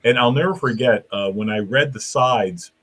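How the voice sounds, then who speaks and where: A man who hosts the show and works as a comedian, telling anecdotes in an animated, casual way. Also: mid-range voice, moderate pace, slightly rough. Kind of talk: casual chat.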